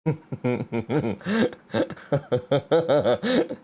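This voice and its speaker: A male streamer chatting casually with his viewers, his pitch swinging widely from line to line. He talks at an unhurried pace, swears freely and laughs often. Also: big pitch swings, darkish tone, husky. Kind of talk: casual chat.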